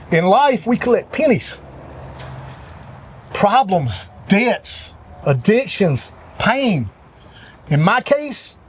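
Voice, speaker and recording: High-voiced man preaching a parable. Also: slight background noise. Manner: earnest, preacherly storytelling. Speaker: show regular giving a motivational talk. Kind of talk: parable-style motivational talk.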